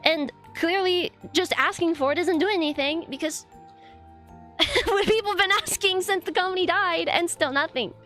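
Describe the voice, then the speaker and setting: A woman's voice: very high-pitched, moderate pace, pushed and bright, soft background music. A woman streamer venting in a casual, frustrated rant, swearing often and rambling with lots of fillers.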